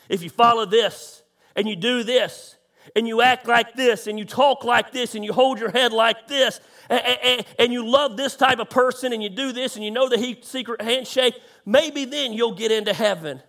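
A middle-aged man preaching a sermon as pastor, impassioned and emphatic, slowing down on key lines and rising into shouts. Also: extremely high pitch.

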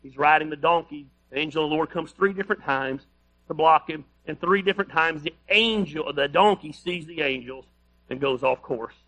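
High, bright-voiced male pastor. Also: moderate pace. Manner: storytelling Bible reading with playful asides. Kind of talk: sermon.

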